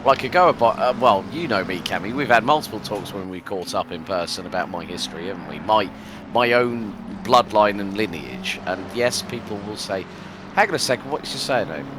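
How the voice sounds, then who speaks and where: A man's voice: fairly low pitch, fairly quick, noisy background. A man from the UK commentating a live sim race, chatty and rambling with lots of fillers. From United Kingdom.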